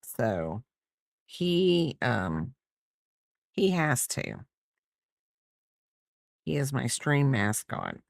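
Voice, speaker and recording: A woman's voice: rumbling low, sing-song, very slow, vocal fry, pauses often, dry recording, studio quality. A middle-aged American woman livestreaming while she crochets, chatting casually and rambling as she answers her viewers. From United States. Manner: rambling, chatty, answers chat between stitches. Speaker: livestreamer crafter.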